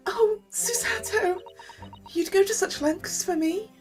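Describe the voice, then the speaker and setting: A woman voicing an excitable, flustered young male defendant in a video game, with high, breathless exclamations. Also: slow, music in the background. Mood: moved.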